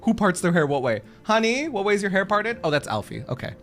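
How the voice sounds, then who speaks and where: A male game streamer chats casually with his viewers, his voice swooping up and down as he jokes at his own expense. He laughs often between remarks. Soft game music plays faintly in the background. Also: high voice, big pitch swings, fast talker. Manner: giggly, self-mocking, laughs a lot.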